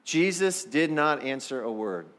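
A man's voice: mid-range voice, animated, unhurried, a bit bright. A man preaching a sermon as pastor, talking straight to the congregation in a conversational way. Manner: acts out the people in the story.

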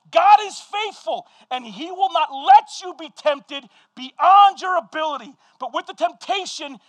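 A man with a very high voice preaches a sermon, swinging from quiet scripture reading into loud, animated storytelling. The sound is dry and close, with no room echo. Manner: animated storytelling, shouting at peaks, quick asides. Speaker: pastor.

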